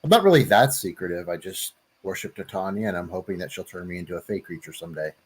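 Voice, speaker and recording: A man's voice: low-pitched, animated, fast, slightly rough. A man talking in character as a tabletop player, polite and a little hesitant.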